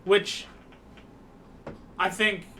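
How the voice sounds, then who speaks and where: A man co-hosts a casual podcast, talking through a film in a loose, rambling way full of fillers and restarts. His voice is bright and forward. Faint background noise sits under the talk. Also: high-pitched, little pitch movement, extremely slow. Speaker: podcast co-host. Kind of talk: casual film recap chat.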